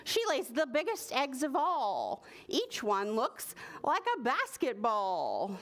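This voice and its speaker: A woman's voice: high voice, wildly swooping pitch, takes it slowly, a bit bright, exaggerated voice. A woman voicing a sly, hissing female goose in a storybook read-aloud.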